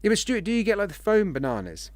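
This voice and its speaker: A man's voice: high voice, wildly swooping pitch, fast, no room sound. A man hosting a live stream, chatting casually and rambling as he greets viewers one by one.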